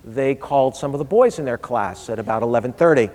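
The voice is a middle-aged man's, medium in pitch, a little mellow, fast and expressive. As a public speaker he recounts a funny family story in a relaxed, conversational way, taking on the voices of the people he quotes. A large hall lends the recording a long reverb.

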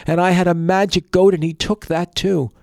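A man's voice: sits high, little pitch movement, normal speed, creaky, darkish tone, no echo, clean studio sound, voice pushed up. A man voicing a poor, desperate father in a folktale, earnest and pleading.

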